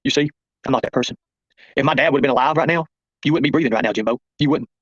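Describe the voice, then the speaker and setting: Fast-talking confrontational man. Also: mid-range voice, husky, no room sound, highs cut off. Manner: confrontational, addresses viewers and chat by name. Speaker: livestream host. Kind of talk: rambling livestream monologue.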